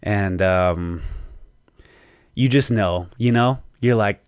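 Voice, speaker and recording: A man hosting a podcast in an excited, casual way. He swears freely and fills pauses with "um". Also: on the low side, clean tone, no room sound, clean studio sound. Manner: excited, profane, lots of fillers. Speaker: podcast host. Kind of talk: casual chat.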